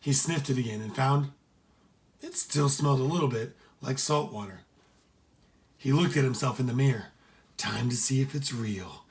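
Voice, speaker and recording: A man narrating an adventure story aloud in a steady, expressive way. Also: mid-range voice, moderate pace, pauses often.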